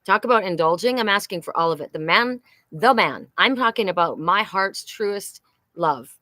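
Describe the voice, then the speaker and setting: Bright-toned candid woman host. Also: medium pitch, lively intonation, normal speed, no room sound. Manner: candid and profane, repeats herself. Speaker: psychic reader hosting a live stream. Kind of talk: emotional casual live-stream talk.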